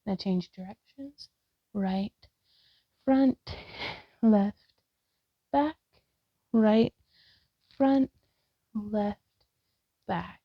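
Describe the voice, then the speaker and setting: A woman leading a yoga class, calling out slow, calm cues and directions. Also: mid-range voice, breathy edge, dry recording, highs cut off. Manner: slow, calm cueing with soft laughs. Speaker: yoga instructor.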